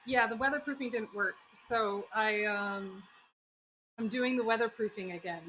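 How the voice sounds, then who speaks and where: An American woman talks her way through a craft project on a livestream, chatty and rambling as she greets viewers. Her voice sits at a middle pitch, and a faint hiss of noise runs under it. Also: a bit bright. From United States. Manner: chatty, rambling, reads chat aloud. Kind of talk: casual livestream chat.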